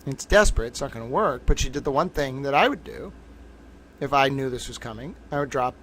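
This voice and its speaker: A man's voice: mid-range voice, expressive, fairly quick, fairly bright tone, a little hiss or hum. A man giving casual livestream commentary, talking in a rambling, profane and emphatic way.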